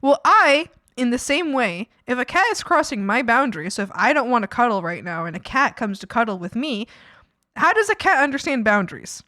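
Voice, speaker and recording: A woman's voice: fairly high pitch, sing-song, a little fast, pushed and bright. A woman streamer chatting casually with her viewers, rambling with lots of fillers and frequent laughs.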